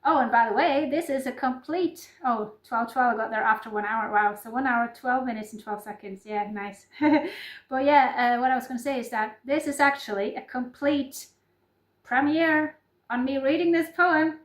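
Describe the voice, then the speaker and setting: A woman with a Norwegian accent talks in a loose, rambling vlog style, often stopping to apologize and start over. Her voice sits a little high. The room around her rings with echo. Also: normal speed. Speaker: YouTuber. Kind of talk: casual improvised vlog chat. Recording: echoey room.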